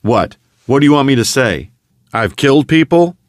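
A man's voice: expressive, brisk, no room sound, studio quality. A man voicing a bitter, guilt-ridden tough guy who strains and breaks down as he confesses, in a storybook reading. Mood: anguished. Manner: strained, rising in pitch when upset.

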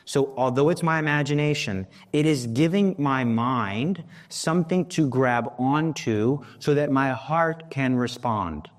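A man's voice: medium pitch, unhurried, hardly any pauses. A man preaching a sermon on prayer, earnest, building to emphatic peaks.

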